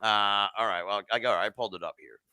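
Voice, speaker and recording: A man's voice: on the low side, quick pace, sharp tone, smooth, no echo. A man hosting a live podcast, chatting casually about election results, swearing freely and reading chat comments aloud. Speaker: podcast host.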